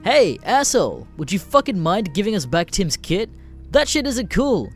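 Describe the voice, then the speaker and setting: A man's voice: sits high, very animated, moderate pace, faint music behind, pitched above the performer's own voice. A man doing a furious cursing reenactor. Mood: annoyed. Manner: shouting, cursing. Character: angry American reenactor man, fed up.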